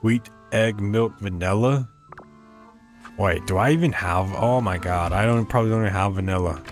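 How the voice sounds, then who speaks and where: A man's voice: on the low side, moderate pace, soft background music. A man streaming a life-sim game in casual commentary, thinking aloud and tripping over words as he tries pronunciations. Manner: rambling, muses aloud and stumbles over words. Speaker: let's play streamer.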